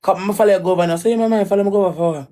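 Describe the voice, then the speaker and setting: A woman's voice: mid-range voice, rapid-fire, warm tone. A Jamaican woman telling an emotional personal story in a raw, emphatic way, often repeating her lines. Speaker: livestreamer.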